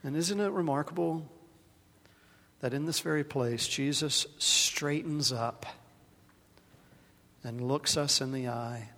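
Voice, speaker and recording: A man preaches a sermon with dramatic swings, rising to loud emphasis and then dropping to a near-hush. He repeats words when he is stirred. His voice carries a long reverb through a large worship hall. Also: on the high side, takes it slowly, pauses often. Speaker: pastor.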